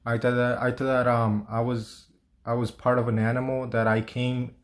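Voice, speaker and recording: A man's voice: mid-range voice, level tone, moderate pace. A man telling a personal story in a loose, rambling way, full of fillers, restarts and swearing.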